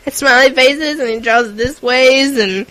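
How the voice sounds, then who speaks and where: Bright, high-voiced woman co-host, giggly and animated, acting out lines in casual chat. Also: a little slow, low-quality recording. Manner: giggly, animated storyteller who acts out quotes. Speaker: podcast co-host.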